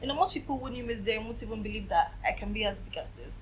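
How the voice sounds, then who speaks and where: A woman in her late twenties gives emotional personal testimony as a TV interview guest, telling her story animatedly and acting out the voices of others. Her voice is on the high side and quick, captured in a rough recording with slight background noise.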